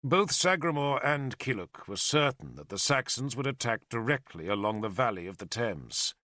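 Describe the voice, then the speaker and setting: A man narrating an audiobook, telling a historical story with an expressive delivery. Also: medium pitch, normal speed, no echo, clean studio sound. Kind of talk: scripted narration.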